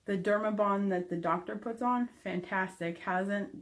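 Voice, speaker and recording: A woman's voice: medium pitch, moderate pace. A young adult woman giving a candid, frank recovery update to camera, with frequent ums. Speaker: vlogger.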